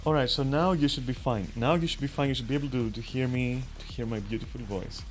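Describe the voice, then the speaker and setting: A man's voice: mid-range voice, quick pace. Swearing joking man narrating his game. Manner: crude, joking, swears a lot, talks to viewers. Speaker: streamer. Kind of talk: casual gaming commentary. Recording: faint game music behind. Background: game music.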